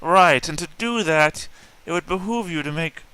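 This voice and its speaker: Bright, smooth-voiced male player. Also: on the high side, normal speed. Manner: formal, persuasive in character. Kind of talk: playing a character in a tabletop game.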